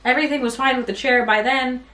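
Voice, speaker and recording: A woman's voice: sits high, steady tone, quick pace, bright, forceful tone, slight background noise. A young woman vlogger telling a rant-style story time, rambling and exasperated as she recounts what happened. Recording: roomy sound from a bit off mic.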